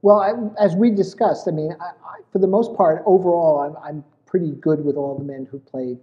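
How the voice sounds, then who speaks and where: A man's voice: a little high, fairly even intonation, brisk. Man talking in a dull, echoing room. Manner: rambling, with many restarts and "you know"s. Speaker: guest, essay author and podcaster. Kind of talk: casual interview chat.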